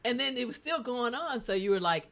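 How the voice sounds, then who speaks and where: A woman's voice: a little high, a little fast. Laughing woman telling a story. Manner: animated storytelling with frequent laughter. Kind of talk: casual chat.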